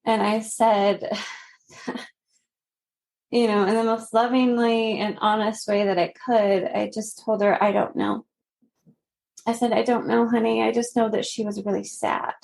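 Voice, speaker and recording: A woman in her thirties telling a personal story as a podcast guest, earnest and gently laughing between phrases. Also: medium pitch, little pitch movement, unhurried.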